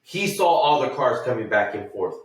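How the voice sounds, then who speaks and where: A man's voice: medium pitch, lively intonation, moderate pace, distant mic. A man on a podcast telling a rambling, profane story and acting out the lines other people said. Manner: profane, rambling storyteller who acts out quotes. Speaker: podcast co-host. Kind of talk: casual storytelling chat. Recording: very echoey room, off mic.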